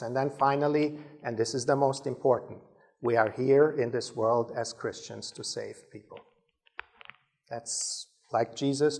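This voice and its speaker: A man from Germany giving a talk to ministry leaders, telling stories with frequent restarts. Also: medium pitch. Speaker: speaker at a leadership training.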